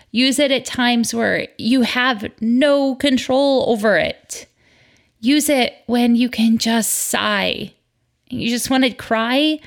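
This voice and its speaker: A woman in her thirties hosting a podcast, giving an upbeat, heartfelt self-care pep talk that slows down to stress key points. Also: medium pitch. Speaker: podcast host.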